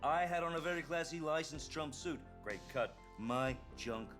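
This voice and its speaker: A pompous, boastful tycoon, voiced by a man narrates in a raised voice. Clear music plays under him. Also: fairly high pitch, moderate pace, lightly acted. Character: boastful male tycoon narrating his own story. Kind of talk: comic narration.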